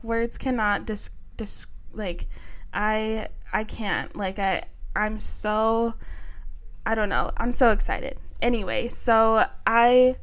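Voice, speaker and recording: Brief: young woman podcast host, chatty and gushing, unhurried, clear smooth voice. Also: a little high. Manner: chatty, many fillers, excited and emotional. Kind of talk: casual chat.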